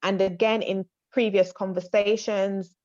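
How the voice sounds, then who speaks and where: A woman from Montserrat hosting an online panel discussion, speaking in a measured, agreeable way. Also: mid-range voice, flat delivery, darkish tone, no echo. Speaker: panel host. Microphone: video call. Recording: dull lo-fi video call audio.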